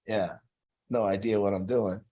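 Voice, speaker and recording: A man's voice: on the low side, fairly even intonation, normal speed, dark tone. Blunt, profane middle-aged man. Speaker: recovery group leader. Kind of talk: group talk with personal story.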